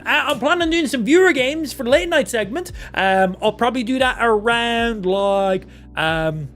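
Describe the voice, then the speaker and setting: A young Irish man in his twenties chatting casually on a live stream, swearing freely and reacting to chat. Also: high-pitched. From Ireland. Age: 20s. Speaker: gaming streamer.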